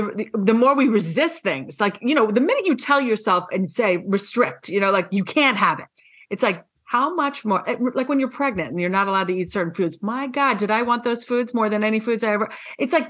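List: woman, interview host, casual chat, animated, emphatic, frank swearing, mid-range pitch. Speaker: podcast host.

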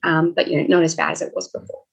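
A woman chats as a guest on a podcast, rambling a little and slipping into lively quoted voices. Her voice is gravelly with a husky edge. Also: low-pitched, very fast, poor audio. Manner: chatty, rambling, quotes people in raised voices. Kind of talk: casual interview chat.

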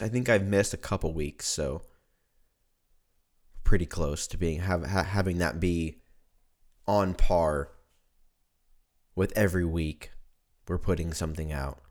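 A very low-voiced man talks slowly through a loose, profane solo monologue. He sounds drunk and stuffed up, drifting from one thought to the next at an unhurried pace. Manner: rambling and profane. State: congested. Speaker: podcast host. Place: at home.

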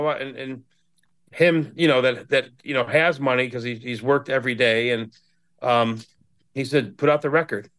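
A man's voice: medium pitch, fairly bright tone. A man in his fifties from Cleveland, a guest on a podcast, telling stories bluntly with a lot of swearing. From Cleveland, USA. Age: 50s. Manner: blunt and heavily profane storytelling. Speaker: guest, hardcore band member. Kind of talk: casual podcast chat.

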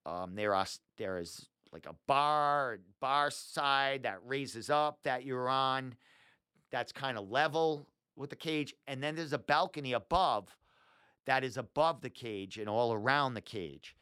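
A podcast host casually guides viewers through a website on a livestream, thinking out loud with plenty of fillers and frequent swearing. His mid-range voice is unhurried, smooth, and sharp-toned, in a dry, studio-quality recording.

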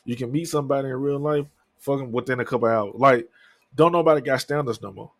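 A man's voice: medium pitch, fast, no echo. Candid, profane man in his thirties. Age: 30s. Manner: candid, profane, rambling storytelling. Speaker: podcast host. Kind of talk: casual solo talk.

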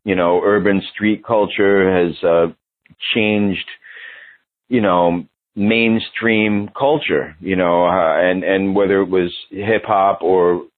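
A man's voice: sits low, fairly even intonation, slow pace. A man, guest in a casual interview, laid-back and swearing freely. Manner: laid-back, profane, loose storytelling. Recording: phone-line radio sound.

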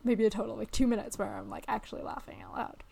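A chatty young woman co-hosting a casual podcast, her voice sitting a little high. She rambles happily, peppering her sentences with "like" and "um", and laughs easily as she talks. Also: big pitch swings, fast talker, creaky, dark tone, slightly rough. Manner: chatty, laughs often, many likes and ums. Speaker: podcast co-host. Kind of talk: casual chat.

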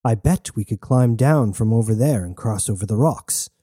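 A man plays a loyal male soldier who talks firmly and refuses to leave anyone behind. His tone is dark and mellow, recorded dry and close. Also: fairly low pitch, moderate pace, slightly rough, no room sound. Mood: earnest. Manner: firm, protective.

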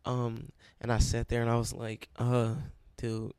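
A man's voice: mid-range voice, completely flat delivery, normal speed, a little mellow, clear, resonant tone, dry recording. A young man who leads a college Bible study, telling his own story with emotion and close to tears. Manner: emotional and self-described dramatic, near tears. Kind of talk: personal testimony storytelling.

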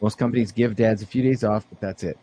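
A man's voice: fairly low pitch, fairly even intonation, fast, mellow. A man co-hosting a casual podcast, reading an article aloud and giving blunt opinions on it. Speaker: podcast co-host.

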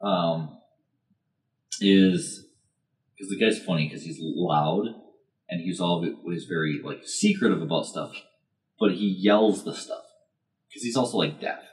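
A man's voice: sits low, a little slow, pauses often. A man telling a rambling story on a podcast, hesitant and full of fillers. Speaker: podcast co-host. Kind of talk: casual chat.

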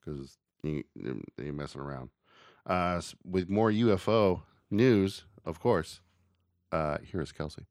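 Male podcast host, very low voice, rambling and jokey delivery. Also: a little slow, darkish tone, no room sound, studio quality. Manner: rambling, joking. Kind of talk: casual podcast chat.

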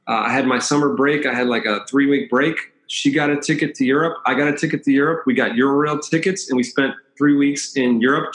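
A man in his fifties, a podcast guest telling a personal story in a rambling, self-correcting, lively way. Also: mid-range voice. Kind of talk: storytelling in conversation. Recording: roomy echo.

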